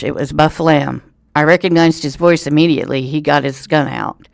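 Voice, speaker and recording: A man, reading a local news story aloud in a steady storytelling way for a radio reading service. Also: on the high side, normal speed, creaky, clear, resonant tone, no echo. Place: thrift store.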